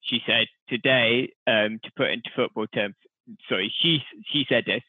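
Brief: male podcast co-host, hesitant and halting, sound thin and phone-like, very dry. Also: mid-range voice, no echo. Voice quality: hesitant, frequent filler pauses. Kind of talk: casual chat. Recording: tinny phone-like dry line.

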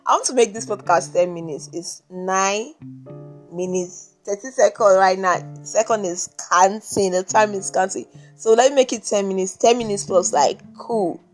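A woman's voice: mid-range voice, moderate pace, soft background music. A young woman with a Nigerian accent hosting her own podcast, talking in a rambling, chatty way full of "like", just after waking up. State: just woken up. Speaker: podcast host. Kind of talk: casual solo podcast monologue.

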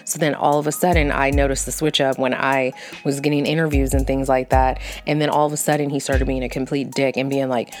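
Woman vlogger, low-pitched, fired-up and foul-mouthed rant, soft music under. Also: level tone, brisk, few pauses. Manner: blunt, profane, fired-up storytelling. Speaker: vlogger venting about work. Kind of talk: casual storytime rant.

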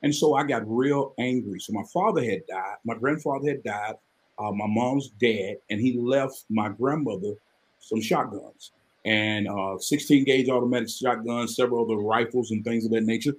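A man, telling his life story as a guest on a live podcast, earnest and animated. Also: mid-range voice, moderate pace. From Mississippi, US. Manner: earnest, animated storytelling with sudden excited rises.

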